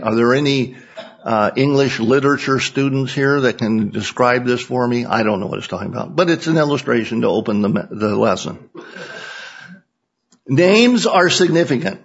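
A man's voice: medium pitch, animated, normal speed, vocal fry, a little hiss or hum. A middle-aged man teaching a Sunday school lesson in a folksy, joking way. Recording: dull lo-fi recording.

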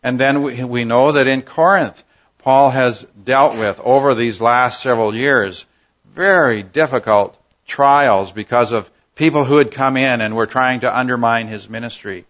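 Unhurried male Bible teacher, muffled. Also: mid-range voice, a bit bright. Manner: unhurried, thoughtful, with frequent "uh" pauses.

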